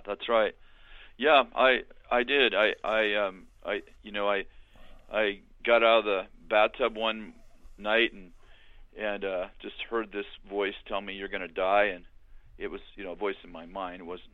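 An older man telling his story in a halting, conversational way, with many restarts, as a guest on a remote call. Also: lowish voice, fairly even intonation, dry recording. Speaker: guest, author and minister. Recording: tinny phone-like line.

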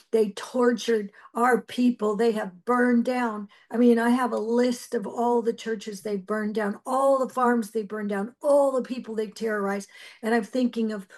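A middle-aged woman preacher giving a personal testimony, telling her story earnestly and emotionally with halting restarts. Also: fairly high pitch, a little mellow.

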